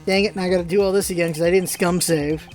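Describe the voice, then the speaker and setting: A woman's voice: lowish voice, fairly even intonation, a little mellow, faint music behind. Chatty woman playing a game. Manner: chatty, self-mocking, quick exclamations. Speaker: let's play host. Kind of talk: casual game commentary.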